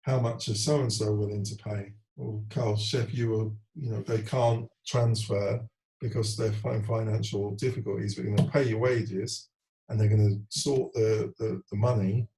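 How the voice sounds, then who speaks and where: A man's voice: fairly low pitch, unhurried, creaky, low-quality recording. A former footballer in his forties, talking candidly in an interview and retelling events earnestly, often acting out what others said. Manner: earnest, animated retelling with quoted voices.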